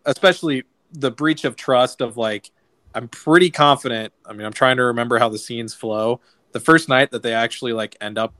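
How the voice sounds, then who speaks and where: A man's voice: mid-range voice, fairly bright tone, no room sound. A man hosting a casual film podcast, talking loosely with lots of fillers and plenty of enthusiasm. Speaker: podcast host. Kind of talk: casual movie discussion.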